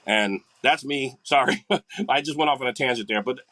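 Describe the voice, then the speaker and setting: An older man, a guest musician, chatting on a podcast in a rambling, animated way. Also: medium pitch, moderate pace, dry recording. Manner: rambling, animated, acts out quoted people. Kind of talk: casual podcast chat.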